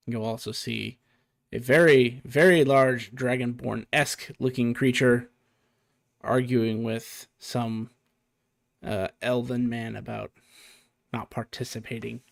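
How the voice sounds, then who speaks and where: A man in the game-master seat, narrating a fantasy scene at a mid pitch for a man. He thinks aloud as he goes, with plenty of ums and restarts and an amused edge. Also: fairly even intonation, takes it slowly, gravelly.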